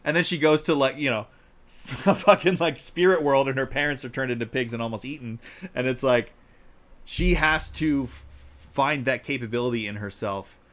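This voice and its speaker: A man in a relaxed livestream conversation, talking with lively energy. He pops up into a higher pitch to act out quotes, then drops back to his everyday mid-range voice. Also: moderate pace. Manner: animated, acts out quotes in a higher voice. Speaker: podcast co-host. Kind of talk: casual chat. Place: live-streamed podcast.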